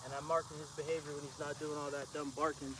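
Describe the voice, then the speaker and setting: A man working as a dog trainer, giving a casual training demonstration outdoors in a relaxed, slangy manner, talking calmly to the dog. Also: on the high side, fast. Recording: outdoor recording with clear background noise.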